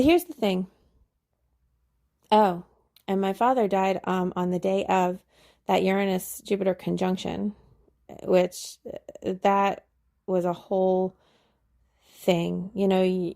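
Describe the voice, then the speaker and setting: A young woman hosting a podcast, telling a personal story in a casual way with many "like"s, slowing to a soft, soothing tone at times. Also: on the low side, gravelly. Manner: soft, slow and soothing when recalling what she told him. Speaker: podcast host.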